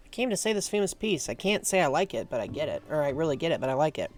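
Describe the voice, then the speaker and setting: A woman streams a video game and talks through it in a loose, chatty way, often poking fun at herself. Her pitch rises and falls a lot. Soft game music plays faintly underneath. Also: big pitch swings, rapid-fire, few pauses. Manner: chatty, self-mocking, laughs often. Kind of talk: casual live gameplay commentary.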